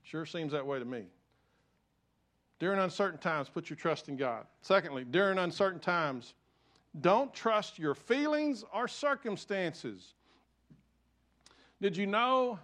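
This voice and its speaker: An older man preaching a sermon, telling stories with self-deprecating humor and swinging from loud emphasis to soft, hushed lines. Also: sits high, lively intonation, measured pace, pauses often. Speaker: pastor.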